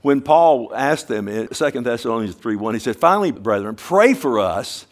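A middle-aged male pastor preaching a sermon, asking the congregation questions and slowing down to stress scripture phrases. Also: mid-range voice, animated.

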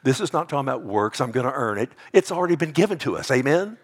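A man preaching a sermon, swinging between hushed, drawn-out lines and loud ones, often calling out "amen" and "loved one" to his listeners. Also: medium pitch, very animated. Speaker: pastor.

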